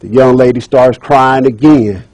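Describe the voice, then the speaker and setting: A man telling a folk tale to a club audience, chatty and lively with asides to the crowd. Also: mid-range voice, unhurried, no echo, rough recording. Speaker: speaker at a speaking club. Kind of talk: storytelling speech.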